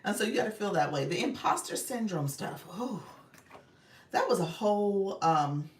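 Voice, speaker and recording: A woman's voice: mid-range voice, animated, moderate pace, far from the mic, a little hiss or hum. A woman coach, hosting a casual live stream, reading viewer comments and laughing often as she calls out to "y'all". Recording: echoey room, voice a bit off-mic.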